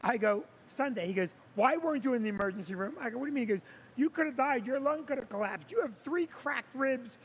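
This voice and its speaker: A middle-aged man, a comedian, telling comic stories in a casual chat with an animated, exaggerated delivery. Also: very high-pitched, fast, a little hiss or hum. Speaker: comedian and co-host.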